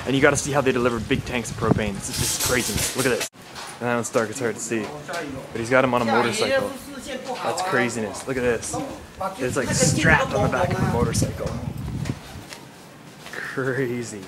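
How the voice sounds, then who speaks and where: A man's voice: medium pitch, brisk, pauses often, very noisy. A man from Canada, vlogging casually on city streets with a handheld camera and rambling through stories with lots of "like.". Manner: chatty, rambling, joking asides with many "like"s. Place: city streets in Taiwan, outdoors.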